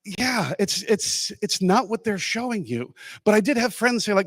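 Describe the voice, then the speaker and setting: A man gives a comic speech on stage at an awards ceremony, telling stories in an animated way that breaks into sudden loud bursts. His voice sits fairly high for a man. The sound is dry and close, with no echo. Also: moderate pace, few pauses.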